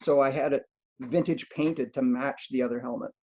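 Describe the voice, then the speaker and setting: A man telling anecdotes in an animated way, with quick asides, in a casual conversation. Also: medium pitch, highs cut off.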